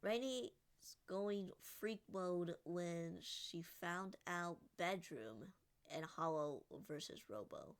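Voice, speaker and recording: Unhurried woman reacting to clips. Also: fairly low pitch, lively intonation. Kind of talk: casual commentary.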